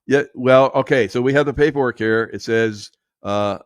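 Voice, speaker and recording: A man's voice: medium pitch, moderate pace, no echo, studio quality. A man hosting a casual political commentary show, sarcastic and laughing through mocking asides.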